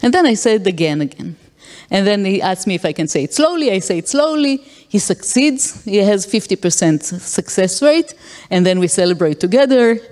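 A woman lectures in a mellow, dark-toned voice, working through examples and stopping on fillers. Her voice carries a long reverb, as in a large lecture hall. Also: mid-range voice, sing-song, moderate pace. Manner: explains with acted-out examples and frequent fillers. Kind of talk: academic lecture.

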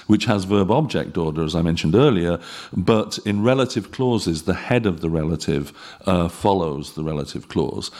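A middle-aged man with a very low voice lectures on linguistics. He explains in a measured, patient way, pausing often with ums and uhs. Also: darkish tone. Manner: measured, explanatory, with frequent fillers. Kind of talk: academic lecture.

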